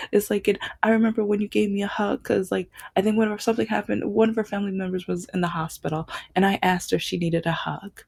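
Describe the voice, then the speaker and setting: A woman's voice: mid-range voice, flat delivery, quick pace, creaky, few pauses, darkish tone, husky. A woman vlogging in a casual, rambling monologue full of fillers and restarts.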